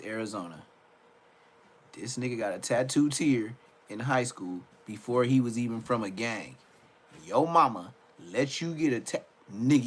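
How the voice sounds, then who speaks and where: Mocking man, swinging pitch. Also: a bit bright. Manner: profane, mocking, laughs often. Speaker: reaction streamer. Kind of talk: casual reaction commentary.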